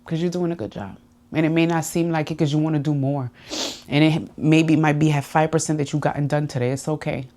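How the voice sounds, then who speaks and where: Steady and mellow, the low voice of this podcast host moves along fairly quickly. She talks through her personal growth in a heartfelt, confiding way, becoming emotional at points.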